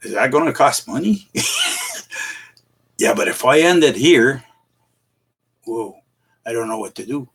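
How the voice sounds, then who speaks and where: A middle-aged man chats with his livestream audience at a leisurely, unhurried pace. His voice sits at an ordinary pitch, and he rambles and chuckles, stumbling and restarting as he speaks. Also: expressive, a bit bright, slight background noise. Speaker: live streamer. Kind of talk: casual livestream chat with viewers.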